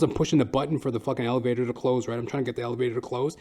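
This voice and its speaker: A man's voice: fast talker, dark tone. A man hosting a comedy podcast, rambling and swearing through a solo monologue. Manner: profane, rambling, jumps into high silly voices. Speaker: podcast host.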